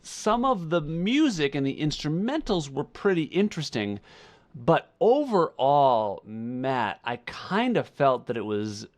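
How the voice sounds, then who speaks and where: A man's voice: on the high side, sing-song, unhurried. A man co-hosting a podcast in casual chat, weighing his opinions aloud. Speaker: podcast co-host.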